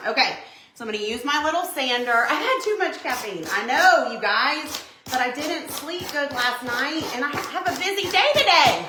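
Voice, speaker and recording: A middle-aged woman hosting a crafting livestream, chatting excitedly with viewers as she works. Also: a little high. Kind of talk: casual live chat while crafting. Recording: echoey room.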